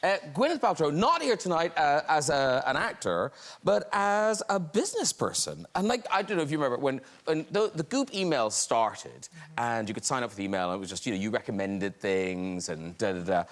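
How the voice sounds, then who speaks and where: A man's voice: mid-range voice, very animated, a little fast. A man hosting a talk show, chatting casually with an enthusiastic, giggly manner. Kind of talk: casual chat.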